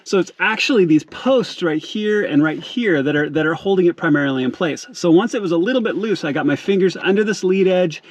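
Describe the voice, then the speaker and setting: A man's voice: high-pitched, lively intonation, a little fast, hardly any pauses. A man talks viewers through an easy car install. He sounds upbeat and friendly, saying "y'all" as he goes. He is recording from the back seat of a car. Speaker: car DIY video host. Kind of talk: casual how-to walkthrough. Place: inside a car's back seat.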